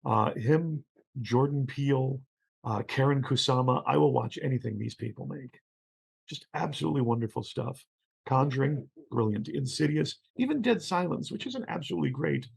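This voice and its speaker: A man talking casually as a podcast guest, an animated storyteller who acts out the quotes he tells. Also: mid-range voice, gravelly, breathy edge. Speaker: guest, theatre professor. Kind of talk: casual conversation.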